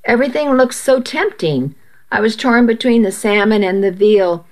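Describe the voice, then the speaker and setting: A woman narrating a first-person story aloud in a steady, measured way. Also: medium pitch.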